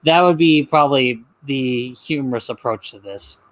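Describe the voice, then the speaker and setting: A man's voice: mid-range voice, moderate pace, a bit bright, dry recording. A man giving chatty, rambling casual commentary over a video.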